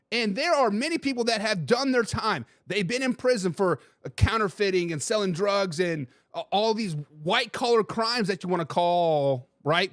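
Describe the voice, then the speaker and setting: A man's voice: high-pitched, fairly bright tone, no echo, studio quality. Man, livestream sports host, casual, rambling, reads chat aloud. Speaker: sports talk show host.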